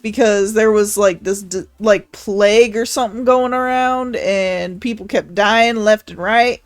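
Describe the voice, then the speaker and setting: A woman's voice: medium pitch, unhurried, dry recording, soft background music, close to an everyday voice. A woman voicing a boastful, meat-loving male dragon who is mayor of a town, rambling and crude in an improvised tabletop role-play. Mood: cocky.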